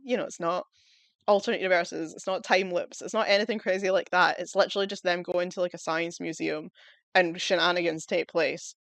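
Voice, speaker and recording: A woman's voice: fairly low pitch, dry recording. A woman chatting casually as she reviews TV episodes, enthusiastic and rambling, often breaking into laughter. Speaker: video reviewer.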